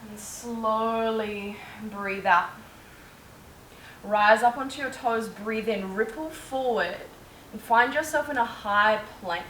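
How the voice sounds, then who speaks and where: Yoga teacher woman, calm breath cues, roomy echo. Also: on the high side, a little slow, recorded from a distance, a little hiss or hum. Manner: calm, cueing breath and movement step by step. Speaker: yoga instructor. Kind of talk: guided yoga class instruction. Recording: echoey room, faint ambience.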